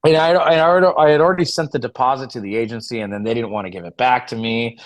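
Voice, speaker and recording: A man's voice: mid-range voice, racing. A man around forty, a guest musician and promoter, telling stories in a casual interview. He swears freely and acts out the people he quotes. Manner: profane, animated storyteller, acts out quoted dialogue.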